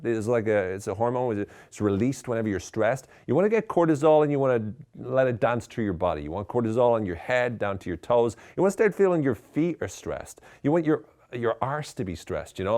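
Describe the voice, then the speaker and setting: A man's voice: mid-range voice, a little mellow. A man giving mock-serious, tongue-in-cheek self-help advice in a conversational, ironic way.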